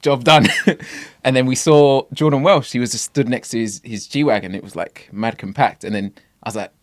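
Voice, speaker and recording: A young man excitedly retelling street-interview stories as a podcast guest in casual chat. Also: mid-range voice, moderate pace, no echo. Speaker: podcast guest, camera operator.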